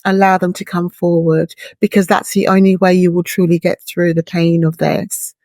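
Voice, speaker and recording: A woman's voice: lowish voice, flat delivery, moderate pace, a little mellow, dry recording. Earnest middle-aged woman, dry close sound. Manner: earnest, heartfelt, speaks in extended images. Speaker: bereaved mother, guest. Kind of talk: reflective interview talk.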